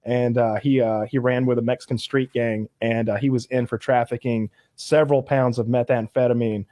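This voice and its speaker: A man in his thirties telling stories in a casual podcast chat, animated and quick to laugh. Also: mid-range voice, no room sound, studio quality. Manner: animated, laughs often, mimics others. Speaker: podcast co-host. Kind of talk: casual storytelling.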